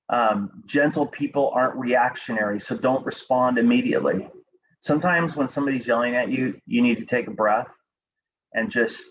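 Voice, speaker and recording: Calm man giving a student devotional. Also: medium pitch. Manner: calm, unhurried, with frequent ums and restarts. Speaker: school devotional speaker. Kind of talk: devotional talk and prayer to students. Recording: dull lo-fi recording with faint background noise.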